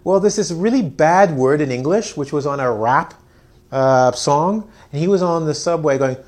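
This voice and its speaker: A man's voice: on the high side, animated, normal speed, darkish tone. A man teaching an English lesson on video, joking, mocking himself and acting out his students. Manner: playful, self-mocking, acts out students.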